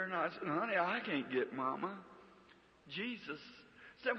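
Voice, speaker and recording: A man's voice: high voice, animated, measured pace. A man, preaching a sermon as an emotional story, pleading and acting out the prayers he recounts. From United States. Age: 50s. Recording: dull old church recording with long reverb.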